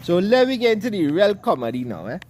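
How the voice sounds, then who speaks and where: A man's voice: high-pitched, sing-song, fast, darkish tone, slight background noise. A man with a Trinidadian accent telling a rambling comic story in dialect, cussing and carrying on as an online commentator.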